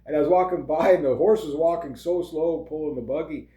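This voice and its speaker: A middle-aged man talks in a loose, meandering way, scattering fillers and chuckling asides as he goes. His voice is mellow and on the dark side. The room around him carries a noticeable echo. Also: on the high side, brisk. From Canada. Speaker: vlogger. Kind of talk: rambling casual monologue. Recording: roomy echo.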